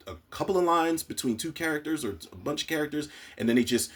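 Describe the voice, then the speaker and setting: A man, a TV recap podcaster, gives a casual, profane spoiler recap of an episode, acting out the characters' lines as he goes. His voice is medium-pitched with a breathy edge.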